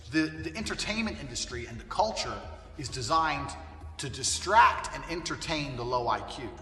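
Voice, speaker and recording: A man's voice: mid-range voice, a bit bright, recorded from a distance. A man delivering a blunt, profane, emphatic monologue. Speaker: speaker giving a self-help rant. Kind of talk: ranting monologue. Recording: echoey hall, voice from afar, faint music.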